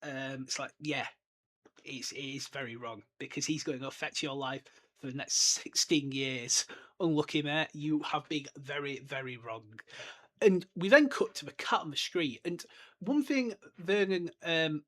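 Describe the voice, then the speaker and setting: A young man hosting a casual podcast, talking in an animated, chatty way and often correcting himself mid-sentence. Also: fairly high pitch, normal speed. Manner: chatty and animated, with many fillers and self-corrections. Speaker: podcast host. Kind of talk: casual book-discussion podcast.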